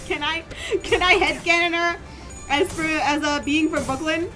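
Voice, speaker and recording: A woman's voice: very high-pitched, unhurried. A woman from Germany streaming a video game, chatting and joking playfully, and reading game text aloud. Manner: playful, animated, jokey. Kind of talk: casual gameplay commentary. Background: game music.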